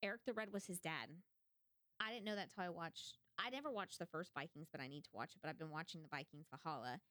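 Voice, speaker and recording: A woman co-hosting a podcast in casual chat, telling stories with lively acted-out quotes and free swearing. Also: fairly low pitch, fast talker, no room sound. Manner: animated storytelling, swears freely. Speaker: podcast co-host.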